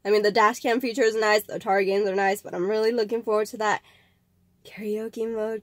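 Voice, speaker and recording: A woman's voice: mid-range voice, steady tone, normal speed, dry recording. Chatty woman talking to camera, casual rambling vlog, lots of laughs, dry room. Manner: chatty and rambling, laughs often, many filler words. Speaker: vlog host.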